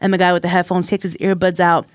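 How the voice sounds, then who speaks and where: A woman's voice: lowish voice, level tone, fast talker, clean tone, no room sound, studio quality. A woman co-hosting a radio show, casually telling a story. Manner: storytelling, conversational. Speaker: radio co-host.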